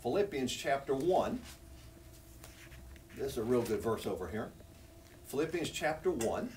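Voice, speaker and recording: A man's voice: mid-range voice, sing-song, measured pace, darkish tone, distant mic, slight background noise. A man preaching a sermon, teaching from scripture in an earnest, conversational way that rises when he presses a point. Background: congregation responding.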